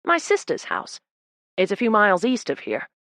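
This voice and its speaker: Reading an audiobook, a woman voices a quirky, confident young male drifter with a breezy, offhand manner, pitching the character above her own voice. The delivery is medium-pitched with huge pitch swings, normal speed, and a slightly bright tone. The sound is clean studio audio with no room sound.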